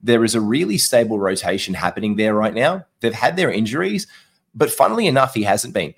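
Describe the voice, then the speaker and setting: A husky-voiced young man chats on a podcast, his voice sitting a little low. He tells stories in a lively, animated way and jumps between points with easy energy. It has the loose feel of friends talking sport. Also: a little fast. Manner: animated, chatty storyteller. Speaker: podcast co-host. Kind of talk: casual podcast chat.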